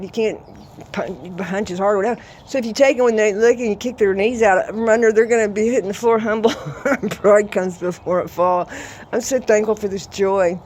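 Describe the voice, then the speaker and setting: This vlogger is a woman in her sixties, loud, salty and laughing as she tells casual stories outside in her yard at home. She has a medium-pitched, darkish voice, and a little background noise comes through.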